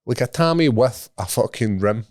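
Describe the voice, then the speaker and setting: A Scottish man in his thirties, co-hosting a podcast and telling a sweary, animated story in casual chat. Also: medium pitch, moderate pace, no echo, clean studio sound. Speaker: podcast co-host.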